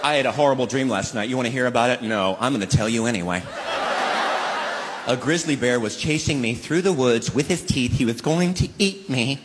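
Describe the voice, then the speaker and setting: A man's voice: mid-range voice, a little fast, noisy background. A middle-aged man performing stand-up comedy, animatedly acting out both sides of marital arguments. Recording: live show with loud crowd laughter.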